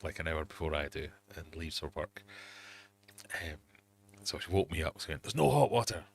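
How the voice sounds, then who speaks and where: A middle-aged man hosts a relaxed livestream from his fish room. His voice sits very low, and he tells long, self-mocking stories. A faint hum runs underneath. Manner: rambling, self-mocking storytelling with quoted asides. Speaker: livestream host. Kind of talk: casual livestream chat.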